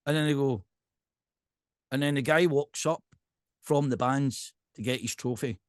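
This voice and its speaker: A man with a Scottish accent, a podcast guest and pipe band drummer, chatting casually in an animated ranting way and often checking in with "right?". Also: mid-range voice, unhurried, dry recording, studio quality.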